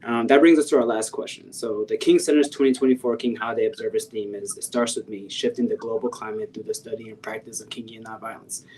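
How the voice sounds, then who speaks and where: A man moderating a panel, responding to a speaker and asking the next question calmly. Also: fairly low pitch, a little hiss or hum, low-quality recording. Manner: calm, measured, with ums.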